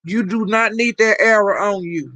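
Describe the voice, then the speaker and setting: High, bright man calling in earnestly. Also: normal speed, dry recording. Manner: earnest, warning tone with hesitations. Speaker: caller.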